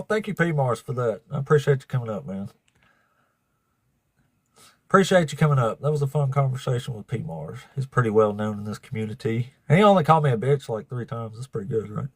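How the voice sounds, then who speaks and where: A man's voice: medium pitch, expressive, fairly quick, no room sound. A man hosting a livestream of debates, chatting casually with viewers, swearing freely and laughing often. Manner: profane, laughing, talks to chat.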